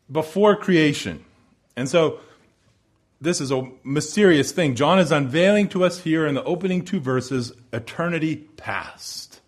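A man preaching a sermon, building emphatic repeated phrases and dropping to hushed low endings. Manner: repetitive rhetorical build-ups.

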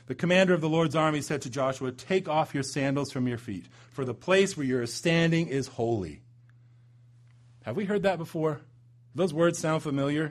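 Male preacher, sermon delivery, big swings from loud to hushed, slows on key words. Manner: dramatic swings in pitch and loudness, slows for emphasis.

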